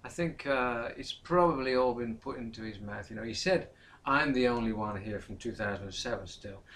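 A man's voice: medium pitch, normal speed, fairly bright tone, far from the mic. A man co-hosting a casual football chat, jokey and rambling, tossing in bits of French. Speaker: vlog co-host.

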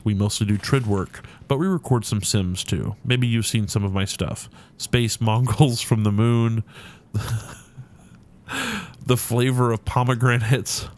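A man voicing a rotund, balding male dwarf film producer who talks in a brash, pushy way with a rough put-on New York accent. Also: medium pitch, darkish tone, natural voice.

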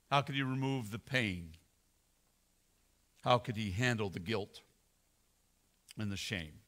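Male senior pastor, dramatic sermon delivery, unhurried, bright and forceful. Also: mid-range voice. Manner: slow dramatic preaching, swelling and dropping to near whisper.

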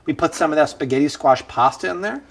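Excitable man hosting a cooking stream. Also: a little high, fast, gravelly. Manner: enthusiastic, exclamatory. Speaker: cooking show host. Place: home kitchen.

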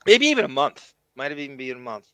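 A man's voice: medium pitch, big pitch swings, fast, sharp tone, no room sound. A man with a Long Island accent hosting a casual live-stream chat, rambling and self-deprecating. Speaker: show host.

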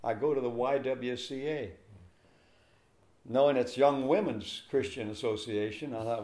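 With a medium-pitched voice and a slightly slow delivery, an older man, a pastor, tells a story in an interview. He animatedly plays the parts of the people in it, and the room is echoey.

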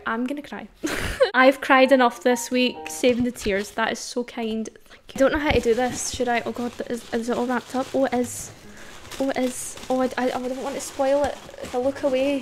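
Scottish girl doing a youtube unboxing, bit high voice, all excited and rambly, faint noise behind. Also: moderate pace. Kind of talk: casual unboxing vlog.

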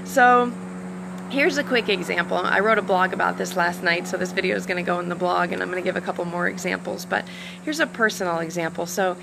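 A woman coach talking casually outdoors by the ocean, animated and acting out quoted dialogue, with a slight sore throat. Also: lowish voice, brisk, vocal fry, background noise. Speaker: self-love coach and hypnotherapist. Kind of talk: casual live-stream talk.

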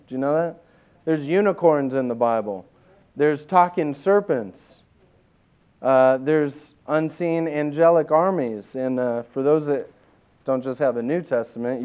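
Man, pastor, Bible study teaching, conversational, clear smooth voice, slightly high. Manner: conversational, many fillers, reads scripture aloud; animated, acts out voices with bursts of emphasis.

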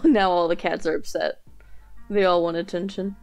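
A woman chats at an easy, slow pace while drawing live on stream. She coos affectionately at her pets between remarks, her pitch sitting in a middle range. Faint music plays quietly under her voice. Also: creaky. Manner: chatty, coos and baby-talks to her pets. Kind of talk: casual chat while drawing.

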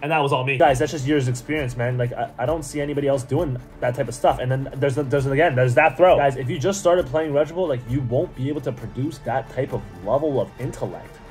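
A man giving excited, rambling gameplay commentary as a gaming YouTuber, talking to himself and to his viewers. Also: medium pitch, fast talker, few pauses, faint music behind.

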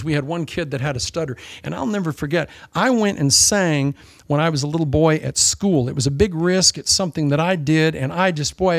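A man preaching a sermon in an animated way, acting out the voices and looks of mockers. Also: fairly high pitch, no echo, studio quality. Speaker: pastor.

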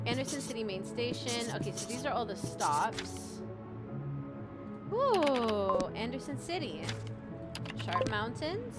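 Woman streamer over loud game music. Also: on the high side, big pitch swings, measured pace. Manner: chatty, swearing, thinking aloud as she plays. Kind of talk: gameplay commentary.

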